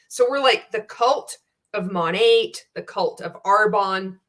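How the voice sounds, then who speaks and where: A woman's voice: mid-range voice, takes it slowly, fairly bright tone. A woman giving a sarcastic, profane reaction rant as a video commentator, blunt and scornful.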